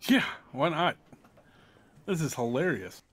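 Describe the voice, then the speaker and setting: A man co-hosting a podcast in casual chat, dry and teasing with deadpan replies. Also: fairly high pitch, unhurried. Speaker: podcast co-host.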